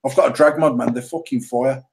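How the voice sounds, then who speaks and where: A man, co-hosting a casual banter podcast, talking in a sweary, excitable way and laughing often. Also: mid-range voice, brisk, creaky, low-quality recording. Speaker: podcast co-host, mod company owner.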